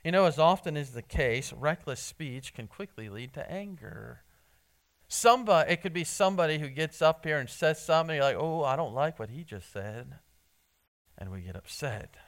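Guy preaching in church, kinda high voice, earnest, stumbles and restarts a lot, gets loud then drops quiet. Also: expressive, moderate pace. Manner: earnest, repeats and restarts words, swings between loud and soft. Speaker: pastor. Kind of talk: sermon.

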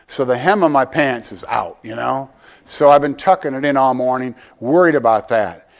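A man's voice: mid-range voice, normal speed. An older man preaching a sermon to his church, conversational and joking, often asking the congregation direct questions. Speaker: pastor.

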